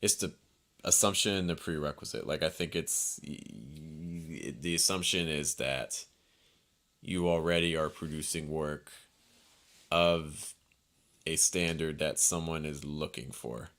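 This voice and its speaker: Low-pitched man, calm and reflective, talking ideas through in conversation. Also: measured pace, vocal fry. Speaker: podcast co-host. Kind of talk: casual conversation.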